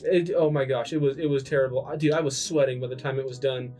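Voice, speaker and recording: A young man in casual comedic podcast chat, rambling with restarts and acting out quoted people in high voices. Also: fairly even intonation, quick pace, a little mellow, far from the mic, faint music behind. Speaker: podcast co-host.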